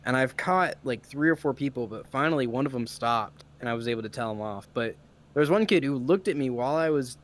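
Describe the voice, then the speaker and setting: A man's voice: medium pitch, animated, a little fast. A man in casual podcast chat, telling stories in a laid-back, profane way. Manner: profane, laid-back storytelling with frequent swearing.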